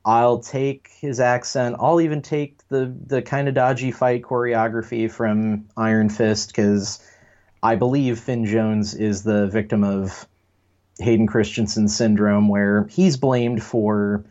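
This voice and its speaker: A man's voice: lowish voice, steady tone, slow pace, a little mellow, lo-fi sound. A man from the United States co-hosting a podcast, chatting casually and rambling through strong opinions with some self-deprecation. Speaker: podcast co-host. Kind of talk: casual chat.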